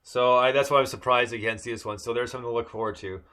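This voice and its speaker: A man on a podcast, one of the co-hosts, casually rambles through an episode recap, full of fillers and restarts. His medium-pitched voice is steady, fast, bright, and forceful.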